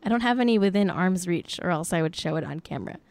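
Smooth-voiced young woman hosting a podcast. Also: fairly low pitch, animated, fast, a little mellow. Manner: frank, swears freely, heavy use of "like". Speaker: podcast host. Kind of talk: casual chat. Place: at home at her desk.

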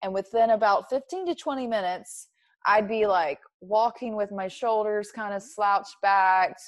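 A woman's voice: mid-range voice, unhurried, dry recording. Candid, emphatic woman with dry sound. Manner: reflective, emphatic, laughs easily. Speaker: interview guest. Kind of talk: candid personal conversation.

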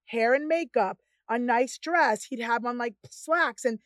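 High-voiced woman from Boston telling stories. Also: a little slow, no echo, studio quality. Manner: animated storytelling with acted-out quotes. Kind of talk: casual chat.

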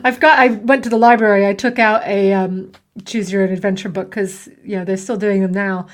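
A woman hosting a podcast in casual chat, playful and quick to laugh. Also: medium pitch, steady tone. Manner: giggly, playful. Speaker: podcast host.

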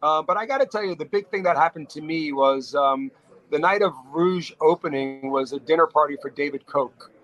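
A middle-aged man from New York, a restaurateur telling stories as a podcast guest, talking in quick bursts with frequent restarts. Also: on the high side, lo-fi sound. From New York, USA. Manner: animated storyteller, talks fast in bursts with frequent restarts. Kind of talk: casual storytelling interview.

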